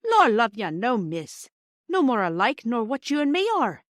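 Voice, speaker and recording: A woman's voice: on the high side, very animated, moderate pace, dry recording, studio quality, voice pushed up. A woman voicing a cheerful, chatty working-class male railway porter who speaks in broad rustic dialect and drops his h's. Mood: hearty.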